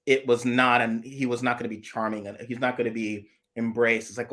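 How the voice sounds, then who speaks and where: A man's voice: mid-range voice, steady tone, a little fast, a bit bright. A man co-hosting a casual live chat, thinking aloud in long analytical asides with frequent restarts. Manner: rambling, analytical, many restarts. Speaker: co-host.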